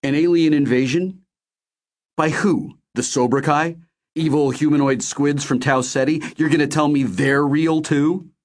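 A man voicing a frightened, furious young man who shouts in a panic. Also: steady tone, a little slow, lightly acted. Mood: incredulous. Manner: shouting, high-strung.

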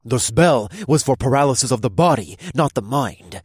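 A man's voice: mid-range voice, lively intonation, moderate pace, breathy edge, dry recording, clean studio sound, voice pushed up. A man voicing an irritable male cultist who growls in an audiobook. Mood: growling. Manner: growling, exasperated.

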